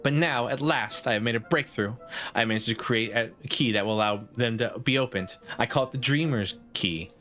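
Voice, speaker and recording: A haughty professor woman who lectures in a clipped, superior way and keeps grading everyone, as a man puts her on. The voice sits fairly low, in the middle of a man's range. Faint music plays behind. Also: moderate pace, pushed and bright, lightly acted.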